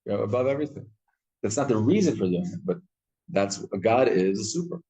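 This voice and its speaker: Animated rabbi telling stories to a class. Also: male voice, fairly low pitch, fairly quick, poor audio. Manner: animated storytelling, acts out quotes, frequent restarts. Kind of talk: Torah class talk.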